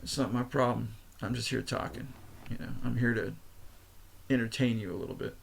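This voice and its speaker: A man's voice: mid-range voice, brisk, vocal fry, a little hiss or hum. A man with a middle-range voice talks alone on his podcast, loose and unscripted. He rambles, restarts his sentences, swears freely and laughs at his own asides. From United States. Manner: rambling, profane, laughing at himself. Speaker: podcast host. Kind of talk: unscripted casual monologue.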